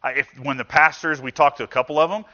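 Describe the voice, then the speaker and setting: A man's voice: on the high side, fairly even intonation, quick pace, sharp tone. A man preaching a sermon as a pastor, talking conversationally and acting out quoted voices. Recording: dull lo-fi sound.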